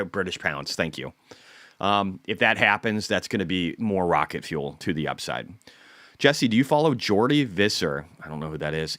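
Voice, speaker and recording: A man's voice: low-pitched, a bit bright, no room sound, studio quality. Blunt, profane man hosting market commentary. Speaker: host.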